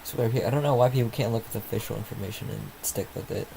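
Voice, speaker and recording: A man's voice: fairly low pitch, quick pace, vocal fry, dark tone, a little hiss or hum, low-quality recording. Rambling man hosting a sleepy live stream. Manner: rambling, distracted, muttering to himself. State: sleepy, yawning. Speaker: livestream host. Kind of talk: casual live commentary.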